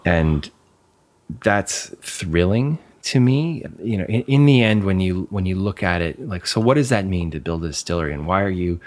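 A man's voice: sits low, animated, moderate pace, a little mellow. A man talking as a guest in casual conversation, candid and emphatic, sometimes swearing and repeating words as he finds his phrasing.

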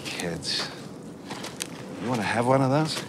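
A grumpy man in a film who grumbles dismissively about children. His voice is mid-pitched. A noisy film soundtrack sits behind him. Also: lively intonation, slow. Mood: grumbling.

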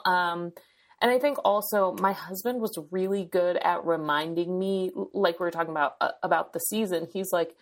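Gravelly-voiced woman, reflective. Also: fairly low pitch. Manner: reflective, halting, many fillers. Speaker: podcast guest, dietitian. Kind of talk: casual conversation.

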